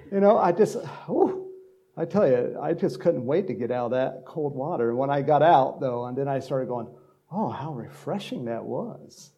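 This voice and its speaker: Man preaching, gravelly voice, slightly raised pitch, chatty rambling delivery, middle-aged. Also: mellow. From Texas. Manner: chatty, rambling, laughing between stories. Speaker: pastor. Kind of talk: casual sermon.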